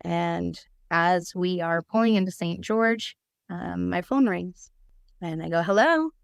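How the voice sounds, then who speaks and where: As a podcast guest, a woman tells her own life story in a somewhat low, smooth, clear voice, speaking slowly with fairly even intonation. She is earnest and candid, vividly performing the conversations she recalls, and the audio is close and dry without room echo.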